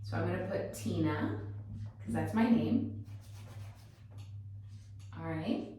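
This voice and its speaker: A woman's voice: fairly low pitch, expressive, slow, warm tone, a little hiss or hum. A woman giving a motivational teaching talk, encouraging and full of rhetorical questions, often checking in with "okay?". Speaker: motivational coach. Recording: very echoey room, distant mic.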